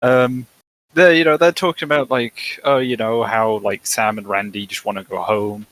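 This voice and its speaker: A man's voice: mid-range voice, fairly even intonation, normal speed, a bit bright, rough recording. A man co-hosting a podcast, chatting casually with chuckling asides. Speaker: podcast co-host. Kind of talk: casual banter.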